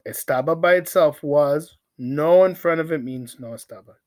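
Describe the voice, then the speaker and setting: A man teaching a language lesson through a simple story, repeating phrases, counting out pauses and breaking into dramatic exclamations. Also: a little high, a little mellow. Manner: slow, repetitive drilling with counted pauses; dramatic exclamations between asides. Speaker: Spanish teacher.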